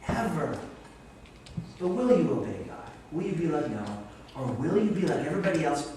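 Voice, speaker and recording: A man's voice: a little high, moderate pace, very noisy. Man preaching in an echoey church. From Vermont, USA. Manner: animated, self-deprecating storytelling. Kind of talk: sermon. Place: church sanctuary. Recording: echoey church hall, distant mic.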